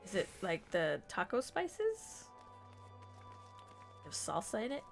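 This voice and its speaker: A woman's voice: medium pitch, wildly swooping pitch, takes it slowly, gravelly, faint music behind. A woman game streamer chatting casually, chatty and self-mocking as she plays.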